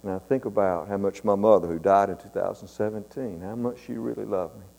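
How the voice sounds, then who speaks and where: A man's voice: fairly low pitch, steady tone, brisk, vocal fry, mellow. A man, preaching a sermon in a folksy, earnest way and often repeating his words. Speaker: pastor. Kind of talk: sermon storytelling. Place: church sanctuary. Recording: long church reverb.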